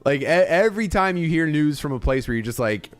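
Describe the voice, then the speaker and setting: A man's voice: on the high side, expressive, fairly quick, soft background music. Rambling young man chatting on stream. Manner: rambling, swearing, laughs a lot. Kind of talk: casual stream chat.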